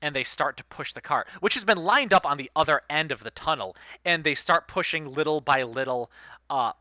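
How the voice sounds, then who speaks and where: A man narrating a tabletop game as game master, animated and lively. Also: a little high, brisk, no echo, muffled recording.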